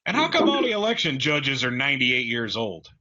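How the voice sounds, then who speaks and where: A man's voice: mid-range voice, wildly swooping pitch, brisk, bright, forceful tone. A man co-hosting a radio roundtable who tells blunt, profane, mocking stories. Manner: blunt, swears constantly, mocking rants. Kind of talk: profane ranting storytelling. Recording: dull lo-fi radio sound.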